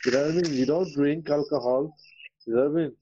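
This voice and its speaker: A man's voice: a little high, quick pace, noisy background. A man hosting a live stream, joking around crudely and swearing often, with a teasing, repetitive way of talking. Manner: swears freely, teasing, repeats "you know what I mean". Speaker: stream host. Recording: dull lo-fi stream audio.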